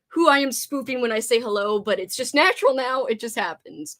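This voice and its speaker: A bubbly woman hosting a casual livestream, greeting her viewers one by one with playful, sing-song hellos. Her voice sits high and swoops up and down constantly as she chats. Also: lively intonation, fairly quick, hardly any pauses, fairly bright tone. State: slightly out of breath after exercise. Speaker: livestream host.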